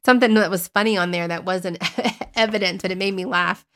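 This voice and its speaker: A woman co-hosting a casual podcast about paranormal investigation, telling her stories in a chatty, animated way and poking fun at herself. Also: mid-range voice, a little fast, hardly any pauses. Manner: chatty, animated storytelling, self-mocking. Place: based in Northeast Florida.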